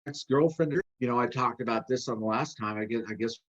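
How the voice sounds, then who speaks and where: A man's voice: mid-range voice, brisk, fairly bright tone, dull audio. A man giving a candid, conversational recovery talk in a workshop, rambling and restarting as he goes. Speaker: workshop speaker. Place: video call.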